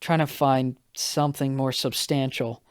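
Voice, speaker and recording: A young man hosting a solo podcast, telling a story in a casual, rambling, profane way, a little hoarse and stopping often to correct himself. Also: mid-range voice, flat delivery, unhurried, no room sound, clean studio sound. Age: young adult. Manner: rambling, profane, self-interrupting. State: slightly hoarse. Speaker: podcast host.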